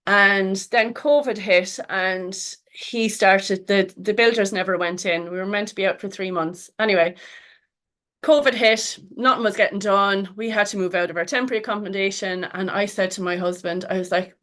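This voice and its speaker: A woman's voice: medium pitch, a bit bright. An Irish woman in middle age talks through a personal story in a loose, conversational way. She laughs often, trails off and restarts, and keeps filling gaps with little verbal fillers. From Ireland. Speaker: podcast guest. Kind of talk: casual storytelling interview.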